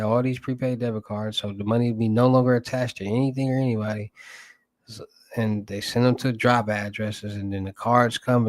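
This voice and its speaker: A man's voice: medium pitch, no echo. A young man with a Southern US accent, hosting a livestream in loose, rambling casual chat and asking his viewers for topics. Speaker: livestream host.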